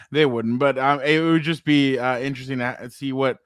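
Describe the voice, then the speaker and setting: A man's voice: mid-range voice, steady tone, moderate pace, clean tone, no echo, clean studio sound. A man co-hosting a sports podcast, chatting casually and rambling with lots of fillers and restarts.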